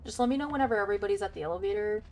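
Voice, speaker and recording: A woman's voice: medium pitch, very fast, darkish tone. A woman streaming a game, chatting casually, swearing often and counting under her breath. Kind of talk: casual gaming chat.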